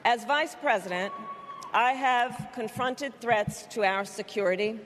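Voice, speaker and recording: A middle-aged woman politician gives a formal, deliberate speech. Her voice is somewhat high and her pace is unhurried. The clip carries a long hall reverb and a faint crowd murmur. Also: a bit bright. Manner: measured, deliberate delivery. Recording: archival speech in large hall with crowd noise.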